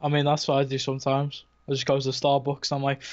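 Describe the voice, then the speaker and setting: A man's voice: medium pitch, monotone, fast, dry recording. Tired man on a dull Skype line. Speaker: caller. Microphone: Skype call. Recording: dull, quiet Skype call audio.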